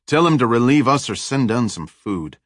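A man reading a bored, surly male guard who talks gruff. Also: mid-range voice, very animated, normal speed, dry recording, clean studio sound.

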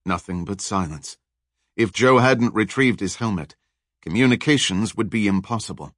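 A man narrating a thriller audiobook in a measured, dramatic storytelling manner. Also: lowish voice, no room sound, studio quality.

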